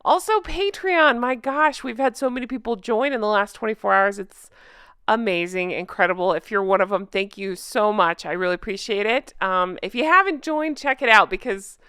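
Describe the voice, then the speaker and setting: A woman's voice: medium pitch, normal speed, pushed and bright, clear, resonant tone, no room sound, clean studio sound. A woman from the American South hosting her channel in casual chat, chatty and full of thanks to her viewers. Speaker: channel host.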